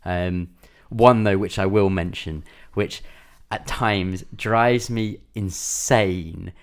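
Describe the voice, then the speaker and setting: A man's voice: low-pitched, fairly even intonation, slow pace, clean tone. A man co-hosting a podcast, chatting casually and rambling with lots of fillers. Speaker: podcast co-host. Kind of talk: casual chat.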